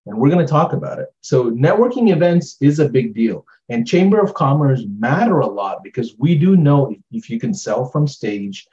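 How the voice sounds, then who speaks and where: A man's voice: mid-range voice, expressive, moderate pace, few pauses, dark tone, muffled recording. A man co-hosting an online workshop, talking in a casual, upbeat way and often saying "like". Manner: casual, upbeat, says "like" a lot. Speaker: workshop co-host. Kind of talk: webinar chat.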